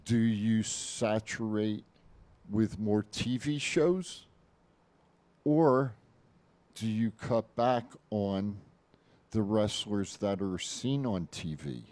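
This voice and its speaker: A man's voice: on the low side, takes it slowly, pauses often, darkish tone. A man co-hosting a podcast in casual chat, joking and emphatic, often repeating himself. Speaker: podcast co-host.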